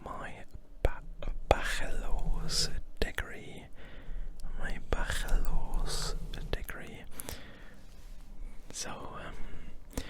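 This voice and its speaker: Slow German-accented ASMR whisperer. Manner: playfully repeats and mangles words; soft unvoiced whisper with hesitant fillers. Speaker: ASMR creator.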